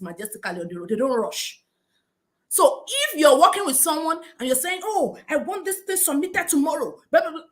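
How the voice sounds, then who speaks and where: A middle-aged woman from Nigeria with a Nigerian accent, giving an animated talk and acting out the people in her anecdotes. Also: high-pitched. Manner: animated storytelling, acts out other people's voices, laughs often. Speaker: speaker.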